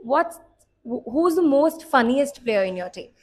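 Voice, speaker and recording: A woman with a fairly high voice conducting a light-hearted interview. She asks her questions with some hesitation and restarts. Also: lively intonation, measured pace, breathy edge. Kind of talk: casual interview.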